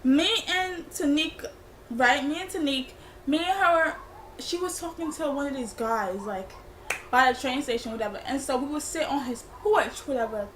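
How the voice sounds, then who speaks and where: A woman's voice: high voice, moderate pace, a bit bright, slight background noise. A young woman telling a rambling, slangy storytime for her vlog. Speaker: vlogger. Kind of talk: casual storytime.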